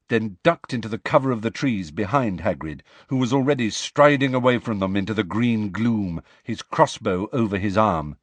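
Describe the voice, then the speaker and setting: A male narrator reading a storybook aloud with a husky, low voice. His measured delivery rises and falls expressively, recorded close and dry with no room sound. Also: no room sound. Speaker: audiobook narrator.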